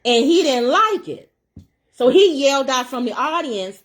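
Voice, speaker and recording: A woman with a fairly high voice that swings up and down a lot. She talks in a casual, animated way, telling a story between bites of food. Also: moderate pace. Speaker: co-host. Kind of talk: casual chat while eating.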